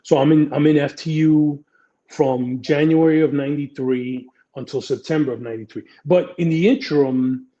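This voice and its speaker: A man's voice: a little high, moderate pace, warm tone, dull audio. A man, a retired police detective telling rambling, profane, self-deprecating stories in a casual interview. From the Bronx, New York.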